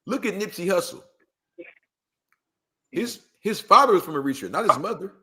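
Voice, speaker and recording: Male storyteller from LA, fairly high voice, animated, acts out quotes. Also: normal speed. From Los Angeles. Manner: acts out quoted voices, slang-heavy, rhetorical asides. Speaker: guest storyteller. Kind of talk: animated storytelling in casual chat.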